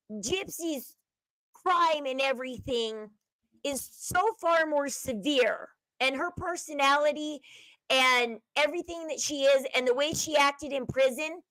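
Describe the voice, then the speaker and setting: High-voiced chatty woman commentator. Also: fairly bright tone, no room sound, rough recording. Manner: chatty, opinionated, reads chat aloud. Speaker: livestream host. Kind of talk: casual commentary chat.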